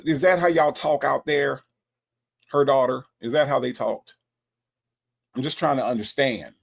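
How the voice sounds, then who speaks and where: A man hosting a live show, teasing and animated, repeating words in rapid bursts as he reacts to a call recording. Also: mid-range voice, gravelly. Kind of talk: mocking commentary on a call recording.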